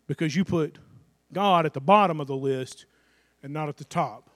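A middle-aged pastor delivers his sermon in a notably high, light voice, keeping it chatty and direct. He fires off rhetorical questions and slips into quick acted-out asides. The sound is close and dry, with no room around it. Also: no echo.

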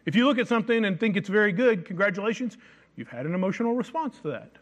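Emphatic high-voiced male preacher. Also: lively intonation, fairly bright tone. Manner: emphatic, slows to stress scripture phrases. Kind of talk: sermon.

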